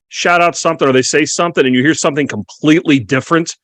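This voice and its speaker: A man's voice: fairly high pitch, fast talker, a bit bright, no room sound. A man appearing as a guest on a podcast roundtable, asking a rambling casual question.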